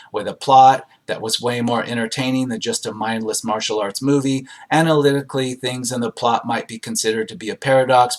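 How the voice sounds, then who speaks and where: A man hosting a casual movie review, reading audience reviews aloud and adding rambling comments with frequent fillers. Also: medium pitch. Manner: rambling, many fillers and hesitations.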